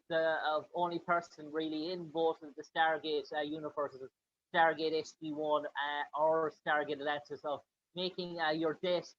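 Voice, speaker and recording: A man's voice: fairly high pitch, a bit bright. A man interviewing a guest, asking long rambling questions full of fillers. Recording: dull lo-fi with faint noise.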